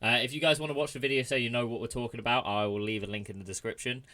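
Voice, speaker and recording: A young man hosting a casual podcast over a voice call, relaxed, laughing often and swearing offhandedly. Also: mid-range voice, rapid-fire. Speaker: podcast host. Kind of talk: casual chat on a gaming podcast.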